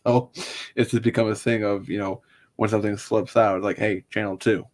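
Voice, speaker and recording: Earnest, low-voiced man chatting. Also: fairly even intonation, a little mellow, a little hiss or hum. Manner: earnest, halting, with restarts and ums. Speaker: livestream co-host. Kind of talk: casual livestream chat.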